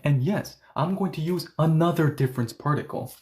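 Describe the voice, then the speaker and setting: A man's voice: on the high side, brisk, darkish tone. Man teaching grammar step by step. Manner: explains step by step, asking questions and answering them himself. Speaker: Korean language teacher. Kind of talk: grammar lesson.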